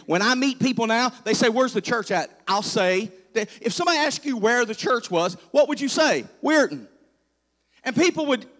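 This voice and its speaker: A man's voice: very high voice, fairly bright tone. A middle-aged man from southern West Virginia, a pastor preaching a humorous sermon with folksy storytelling and playful asides to the congregation, in a southern West Virginia accent. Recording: reverberant church hall.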